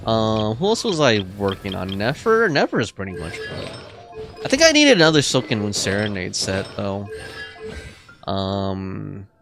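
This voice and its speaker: A young man chats his way through a game stream, rambling and restarting sentences and laughing often. His voice sits somewhat high and swings all over, with faint game music playing underneath. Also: fairly bright tone. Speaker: game livestreamer. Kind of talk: casual livestream chat.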